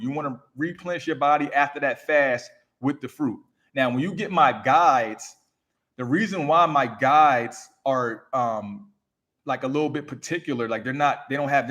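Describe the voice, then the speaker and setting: Guy on a mic doing a live coaching stream, preachy and repetitive, voice sits a bit high. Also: a bit bright. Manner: emphatic, repetitive, preachy motivational. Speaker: raw vegan coach. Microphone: microphone.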